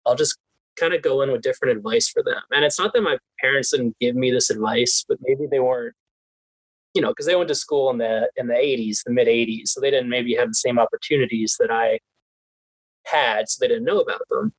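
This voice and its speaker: A young adult man being interviewed as a guest in a casual chat, animated and laughing often as he restarts his sentences. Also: mid-range voice, a little fast, husky, no room sound, rough recording. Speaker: guest, team PR specialist.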